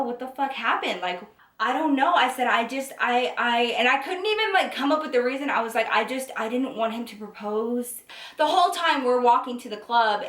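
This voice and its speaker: A young woman with a slightly high voice tells a personal story, casual and profane, acting out every line people said. She sits back from the mic in a bare, echoey room. Her delivery is loose and animated. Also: far from the mic. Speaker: vlogger. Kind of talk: storytime vlog.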